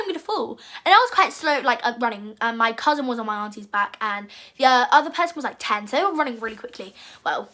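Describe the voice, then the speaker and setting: A young woman telling a rambling, animated storytime vlog and acting out her own panicked quotes. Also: sits high. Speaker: vlogger.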